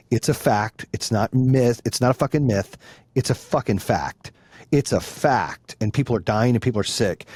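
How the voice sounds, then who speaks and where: Middle-aged guy on a podcast, low-ish voice, blunt and heated, swears a lot, dry close sound. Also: darkish tone, no echo. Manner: emphatic, repeats points for force. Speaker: podcast guest. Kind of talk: casual conversation.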